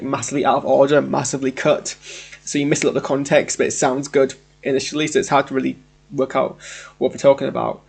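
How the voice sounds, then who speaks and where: A man's voice: mid-range voice, gravelly, darkish tone, husky. A young man with a West Yorkshire accent giving a rambling, hesitant live reaction to a trailer, stammering and repeating himself. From Yorkshire, England. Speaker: YouTube reviewer.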